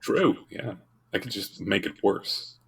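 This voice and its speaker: A man's voice: on the low side, lively intonation, a little slow, creaky, husky. A man with a Dutch accent, a tabletop game player chatting in a dry, hesitant, self-deprecating way. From Netherlands. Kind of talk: casual chat about a tabletop game. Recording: voice far from the mic.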